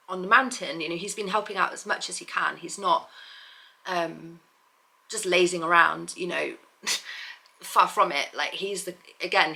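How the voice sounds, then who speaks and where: A woman's voice: on the low side, vocal fry, sharp tone. A woman vlogger talking candidly in a casual personal update, rambling with fillers and restarts.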